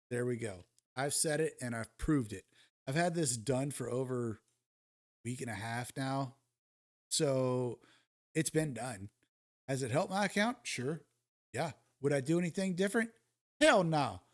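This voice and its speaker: A man recording casual ad-lib commentary over mobile game footage for his channel, blunt and swaggering, firing rhetorical questions at his viewers. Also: mid-range voice. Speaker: gaming YouTuber.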